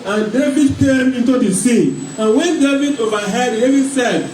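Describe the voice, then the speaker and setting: A man's voice: extremely high pitch, normal speed, few pauses, a little mellow. A man with a Nigerian accent preaching a sermon in rhythmic call-and-response style. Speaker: pastor. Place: church hall. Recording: echoey hall, mic far off, faint noise.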